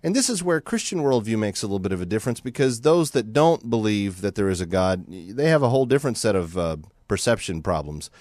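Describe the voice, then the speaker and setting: A man's voice: on the low side, fast talker, few pauses, no echo, studio quality. An American man hosting a talk radio show, speaking animatedly and sometimes mocking in a monologue. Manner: animated, mocking, acts out other voices. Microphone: studio microphone.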